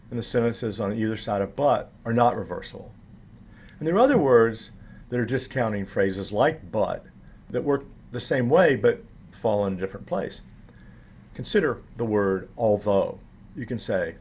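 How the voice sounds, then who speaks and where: Lively-voiced male lecturer. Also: medium pitch, slightly rough. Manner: explanatory, lively emphasis on key words. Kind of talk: recorded lecture.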